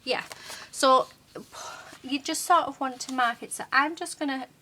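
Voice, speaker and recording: A woman's voice: high voice, measured pace. A woman hosting a crafting tutorial, chatting casually and rambling with many fillers as she works. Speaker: crafting channel host. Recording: noisy with crafting clicks.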